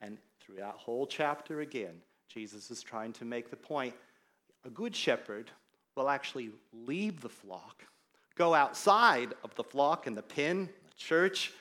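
Animated pastor preaching. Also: male voice, medium pitch, unhurried. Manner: animated storyteller, acts out quoted voices. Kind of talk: sermon with personal anecdote.

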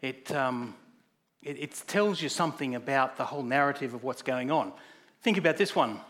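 A man's voice: medium pitch, expressive, normal speed, a bit bright. A man preaching a sermon in a conversational way, putting questions to the congregation.

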